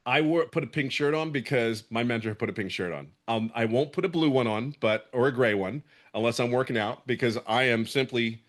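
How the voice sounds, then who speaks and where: A man's voice: medium pitch, fairly quick, hardly any pauses. A middle-aged man from the Philadelphia area, giving an emphatic, impassioned testimonial in casual talk, with frequent restarts. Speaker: program member giving a testimonial.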